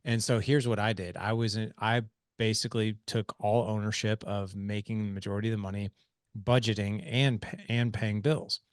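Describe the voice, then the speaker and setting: A man in his forties hosting a podcast interview, telling stories in an emphatic, animated way. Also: fairly low pitch, normal speed, no echo, clean studio sound. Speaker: podcast host. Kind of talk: conversational interview.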